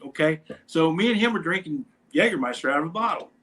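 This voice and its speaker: His voice sits on the high side and moves fast as this musician, a talk-show guest, tells a casual anecdote. He animates it by acting out what people said.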